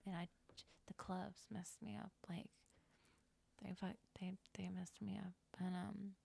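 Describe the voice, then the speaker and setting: A woman's voice: medium pitch, level tone, unhurried, vocal fry, mellow. A young woman telling a long personal story on a live stream, candid and rambling, swearing freely, with lots of fillers. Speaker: livestreamer.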